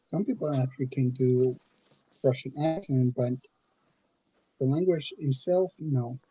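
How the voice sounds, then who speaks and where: A man's voice: mid-range voice, measured pace, mellow, slightly rough, no room sound, low-quality recording. A man making brief, matter-of-fact remarks while watching a movie with a friend. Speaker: watch-along co-host. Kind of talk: casual chat over a movie.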